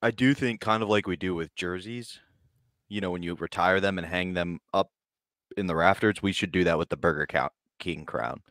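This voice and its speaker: A man co-hosting a casual comedic talk show, pitching dry joking bits. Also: normal speed, a bit bright, no echo. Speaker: co-host.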